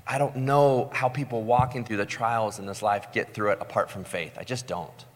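A man preaching a sermon in a conversational way, with lots of "like" and "right?", sometimes mimicking panicked voices before slowing into calm, soft emphasis. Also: on the low side. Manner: acts out panicked voices, then slows and softens. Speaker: pastor. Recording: long hall reverb with soft guitar music.

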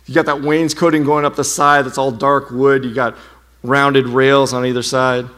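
A pastor preaching a sermon, telling stories in an animated, humorous way. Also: male voice, medium pitch. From United States.

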